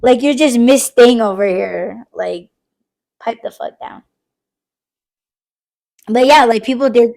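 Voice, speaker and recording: A woman hosting a podcast in casual late-night chat, swearing freely and acting out the other side of conversations. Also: fairly high pitch. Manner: profane, animated, acts out quoted exchanges. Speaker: podcast host.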